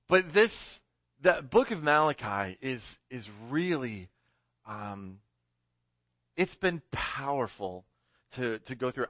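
A man's voice: lowish voice, a bit bright, dry recording. A man preaching a sermon, casual and rambling, often correcting himself and laughing along with his own story. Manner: rambling, self-correcting, chuckling. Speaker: pastor.

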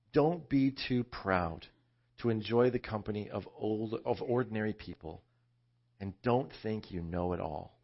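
A man preaching a sermon in a conversational, animated storytelling way. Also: lowish voice, dull audio. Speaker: pastor.

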